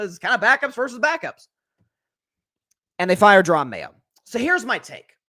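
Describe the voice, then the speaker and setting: Young male sports podcaster, high bright voice, fired-up casual opinion talk. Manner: energetic opinionated rant. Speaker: podcast host.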